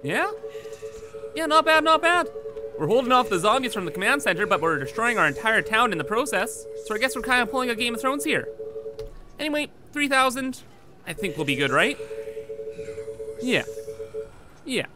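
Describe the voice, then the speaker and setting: A man's voice: very high voice, sing-song, normal speed, long pauses, background noise. A young man giving playful, hyped commentary over his strategy game. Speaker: gaming YouTuber. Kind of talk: casual gameplay commentary.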